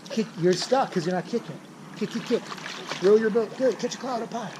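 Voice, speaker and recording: A man's voice: sits high, a little fast. A man giving a live swimming lesson to his young child in a pool, cheering, counting and calling out playful coaching cues in a sing-song way. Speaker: swim instructor and parent. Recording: loud splashing water noise.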